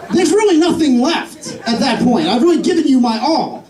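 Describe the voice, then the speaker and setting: A man's voice: extremely high pitch, lively intonation, moderate pace, noisy background. A man performing a stand-up comedy set, self-deprecating and rambling with lots of fillers. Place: comedy club stage. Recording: roomy club audio from far off, loud crowd. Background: audience laughter.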